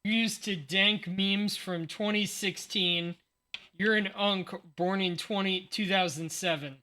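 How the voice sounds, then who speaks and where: A man in his forties chats casually on a livestream with a sleepy morning voice, thinking aloud and poking fun at himself. He talks slowly, drawing out his words in an easy, unhurried way. His tone is bright and sharp. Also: sits high, steady tone. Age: 40s. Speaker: streamer. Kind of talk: casual livestream chat while unboxing cards.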